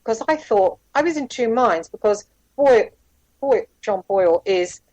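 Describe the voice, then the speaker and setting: A woman's voice: a little high, lively intonation, measured pace, a little mellow, no echo, muffled recording. A woman being interviewed, candidly telling a rambling personal story with asides and quoted dialogue. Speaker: interview guest, former private investigator.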